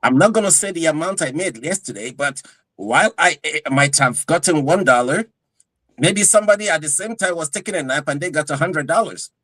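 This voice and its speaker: A man co-hosting a casual podcast chat, telling stories with lively energy and acting out what people said. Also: a little high, fairly quick, no room sound, rough recording. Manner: animated storyteller, acts out quotes. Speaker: co-host.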